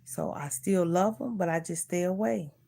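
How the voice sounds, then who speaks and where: A woman's voice: on the low side, normal speed, creaky, dark tone. A middle-aged woman vlogger in casual chat, earnestly preaching life advice and repeating herself.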